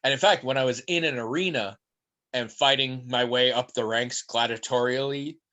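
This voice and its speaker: A man's voice: mid-range voice, normal speed. A man co-hosting a podcast, chatting casually and telling rambling stories with voices thrown in. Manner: rambling animated storytelling with mimicked voices. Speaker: podcast co-host.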